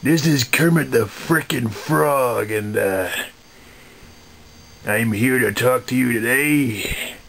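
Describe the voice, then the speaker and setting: A man's voice: mid-range voice, gravelly, a bit bright, a little hiss or hum. A man doing a smug, mean puppet frog. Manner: slow, smug, with sly chuckles. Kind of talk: puppet comedy video.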